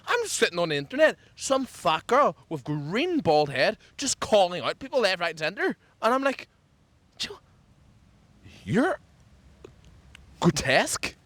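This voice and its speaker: A man talking casually outdoors as a podcast co-host, ranting in a jokey way. His voice sits fairly high and swoops about a lot. The sound is dry and close, with little room echo. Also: a little slow, pauses often. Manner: animated, jokey rant with sudden pitch jumps. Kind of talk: casual chat. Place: outdoors, people walking past.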